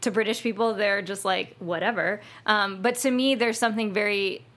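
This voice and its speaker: A woman's voice: mid-range voice, steady tone, a little fast, a bit bright. An American woman co-hosting a podcast, talking casually and enthusiastically, with lots of fillers and restarts. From United States. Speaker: podcast co-host. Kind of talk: casual chat.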